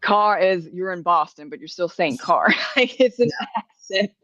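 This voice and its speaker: A woman's voice: on the low side, expressive, normal speed, fairly bright tone, dry recording. A woman hosting a podcast, chatting casually, laughing often and swearing freely. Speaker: podcast host. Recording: dry, dull lo-fi sound.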